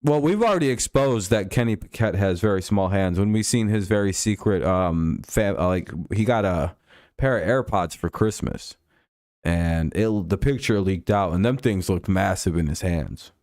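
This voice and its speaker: A man's voice: sits low, animated, normal speed, darkish tone, no echo, studio quality. A man hosting a live stream, casually chatting with viewers while commenting on a football game, rambling, laughing often and swearing freely.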